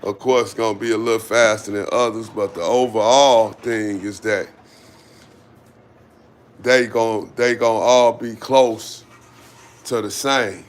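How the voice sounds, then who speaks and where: Slow-talking man with a drawl. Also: on the low side. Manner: slow, relaxed, calls commands to dogs. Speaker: dog owner vlogger. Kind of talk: casual talk while training dogs. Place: outdoor yard with dogs.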